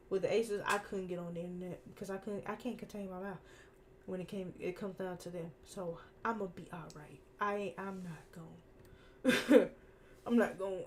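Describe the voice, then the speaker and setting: A young woman streaming while she draws, ranting casually in an animated, slangy way and laughing often. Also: medium pitch, a little hiss or hum. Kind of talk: casual rant while drawing.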